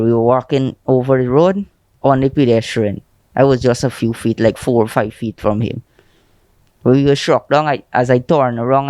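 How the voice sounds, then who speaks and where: A man's voice: medium pitch, dry recording. Shaken young Guyanese man, dry sound. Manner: shaken, halting eyewitness account, often going quiet. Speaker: eyewitness friend. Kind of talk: news interview.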